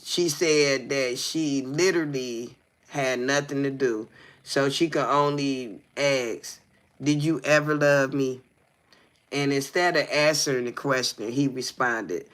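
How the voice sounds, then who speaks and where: A man's voice: mid-range voice, a little slow, fairly bright tone. A man co-hosting a livestream, reading a text aloud with stumbles and breaking off to ask the listener "you hear me". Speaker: livestream co-host.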